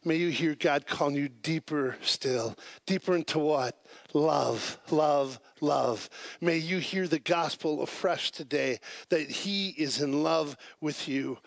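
A man's voice: on the high side, slow, gravelly, no room sound. A man preaching a sermon at a church service, earnest and emphatic, repeating his key words. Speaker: pastor.

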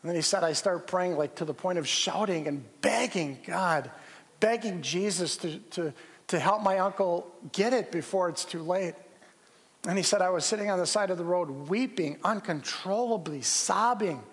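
Pastor preaching in an echoing church. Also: male voice, high voice, husky. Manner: earnest storytelling, pauses and restarts. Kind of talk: sermon. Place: church sanctuary. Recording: long reverb of a church hall.

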